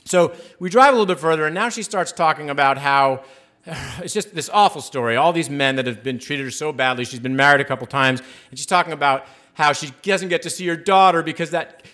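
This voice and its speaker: A man telling a personal story live on stage, animated and self-deprecating, with frequent restarts. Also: fairly high pitch, fairly quick.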